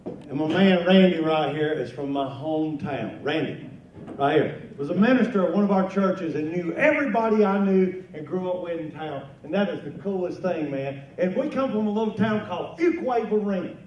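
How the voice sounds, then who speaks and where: A man's voice: fairly high pitch, expressive, normal speed, far from the mic, muffled recording. A man in his fifties from North Carolina with a Southern US accent, doing folksy stand-up comedy at a luncheon. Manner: folksy, joking storyteller. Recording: echoey hall mic from afar, noisy.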